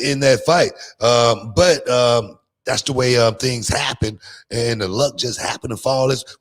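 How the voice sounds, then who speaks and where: A man hosting a podcast in casual chat, talking loosely with many fillers and growing animated as he tells stories. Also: medium pitch. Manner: loose, filler-heavy, drawling delivery; lively, animated when telling stories. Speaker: podcast host.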